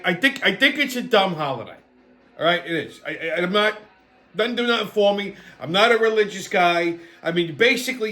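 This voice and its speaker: A man hosting a weekly show, telling blunt, profane comic stories and rants, tagging lines with "okay?" and rapid asides. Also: sits high, fairly bright tone. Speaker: host. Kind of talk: profane comedic weekly rant.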